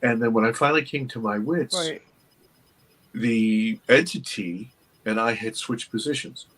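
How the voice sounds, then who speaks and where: A man, an interview guest, earnestly telling a personal story with halting restarts. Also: medium pitch, fairly bright tone, poor audio. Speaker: interview guest, documentary producer.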